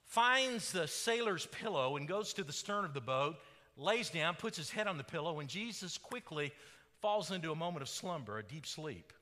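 A man preaching a sermon, telling the story dramatically, building to loud cries and then falling to a hushed voice. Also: on the high side, animated, normal speed, big-room sound. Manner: dramatic storytelling, rising to shouts and dropping to hushed tones.

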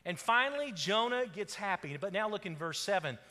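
A man preaching a sermon as pastor, swinging dramatically between loud exclamations and hushed, low passages. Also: expressive, brisk, few pauses, big-room sound.

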